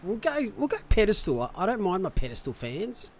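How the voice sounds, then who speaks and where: A man's voice: sits high, wildly swooping pitch, fairly quick, creaky. A man hosting a sim racing livestream, upbeat and jokey, full of casual slang. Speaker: race broadcast host. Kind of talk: livestream race show hosting.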